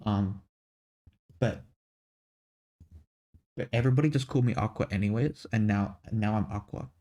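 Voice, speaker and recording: A man's voice: fairly low pitch, moderate pace, dark tone. A young man with a mixed Australian-English accent, chatting casually on a stream, rambling and swearing lightly. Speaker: VTuber streamer.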